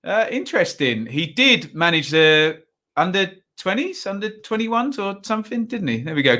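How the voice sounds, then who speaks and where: A man's voice: sits high, sing-song, normal speed, bright, forceful tone. A man hosting a live football watchalong, giving chatty, rambling commentary full of asides and tag questions. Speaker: watchalong host.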